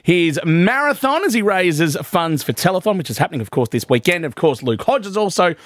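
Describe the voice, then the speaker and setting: A man's voice: high-pitched, very animated, brisk, fairly bright tone, dry recording, clean studio sound. A man hosting breakfast radio on location, upbeat as he runs the segment. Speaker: radio host. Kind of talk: outside broadcast radio hosting.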